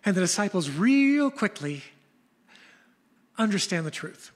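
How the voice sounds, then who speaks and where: Older woman pastor with a husky voice. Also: mid-range voice, unhurried, big-room sound. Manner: storytelling, animated retelling of scenes. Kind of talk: sermon.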